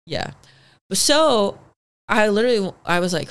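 A young adult woman as a podcast guest, telling stories in casual chat, animated, full of "like" and swearing. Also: medium pitch, moderate pace. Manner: animated storytelling with lots of "like" and swearing.

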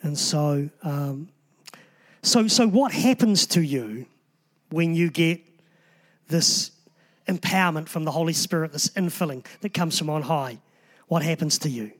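A male preacher with a notably high voice delivers a sermon. He talks conversationally, often restarting phrases and slipping in casual asides. The tone stays more chatty than formal. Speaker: pastor.

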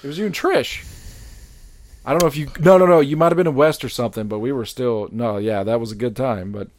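A man's voice: mid-range voice, quick pace, darkish tone. Rambling man telling stories. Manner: rambling storyteller with many restarts and swearing. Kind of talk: casual chat.

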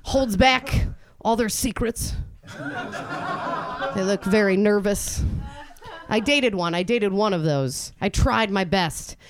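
A woman's voice: medium pitch, takes it slowly. A woman doing a brash, crude stand-up set on a club stage, working the crowd with a handheld mic while the audience laughs. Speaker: stand-up comedian. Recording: live club recording with crowd noise.

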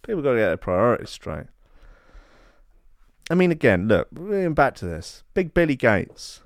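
A man's voice: mid-range voice, big pitch swings, moderate pace, dry recording, clean studio sound. A man hosting a podcast, ranting sarcastically and swearing freely. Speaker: podcast host. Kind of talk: ranting comedy podcast monologue.

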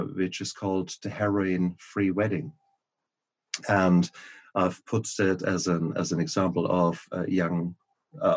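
A man who is an author and guest on a podcast, talking emphatically with frequent restarts. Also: sits low. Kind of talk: podcast conversation.

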